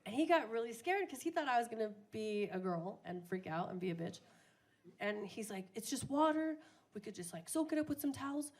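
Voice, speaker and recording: A woman's voice: on the high side, very animated, fairly quick, darkish tone. A young woman doing a crude, self-mocking stand-up comedy set on a bar stage, often laughing at her own jokes.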